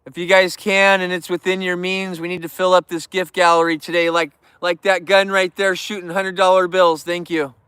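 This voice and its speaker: A man's voice: high voice, flat delivery, normal speed, few pauses, sharp tone, clean tone, no echo, clean studio sound. A man hosting a casual livestream, chatting and joking in a goofy, youthful-sounding voice. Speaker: livestream host.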